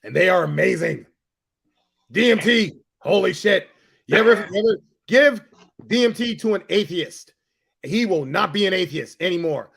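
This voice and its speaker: A man's voice: high-pitched, expressive, normal speed, gravelly, a bit bright, breathy edge. A man, a comedian guest, talking candidly and profanely in a casual chat. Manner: candid, profane, bursts into laughter. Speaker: guest, comic writer and comedian.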